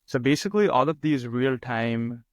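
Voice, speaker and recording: Co-founder guy explaining stuff plainly, mid pitch voice, dry close mic. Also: animated, normal speed, no room sound. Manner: practical, explaining. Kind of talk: casual podcast chat.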